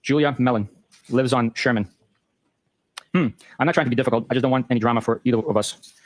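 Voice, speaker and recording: Brisk man reading texts aloud. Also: mid-range voice, no room sound. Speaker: host. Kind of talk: reading text messages aloud.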